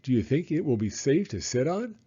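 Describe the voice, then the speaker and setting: A man voicing a cautious, doubtful girl in a storybook, speaking softly and hesitantly. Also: medium pitch, sing-song, fairly quick, slightly rough, dull audio. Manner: soft, hesitant.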